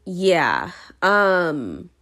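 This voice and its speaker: A woman's voice: on the low side, huge pitch swings, extremely slow, a bit bright. Rambling young woman podcasting. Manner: rambling, filler-heavy, laughs often. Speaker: podcast host. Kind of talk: casual podcast monologue.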